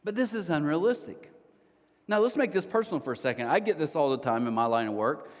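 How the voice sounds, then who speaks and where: Animated male pastor in a reverberant hall. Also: fairly high pitch. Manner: conversational, animated storytelling with quick restarts. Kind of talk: sermon. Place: church auditorium.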